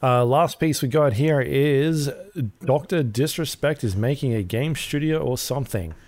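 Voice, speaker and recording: A man's voice: mid-range voice, unhurried, darkish tone. A man co-hosting a podcast, chatting casually, often asking questions and hesitating. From Australia. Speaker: podcast co-host. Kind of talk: casual chat.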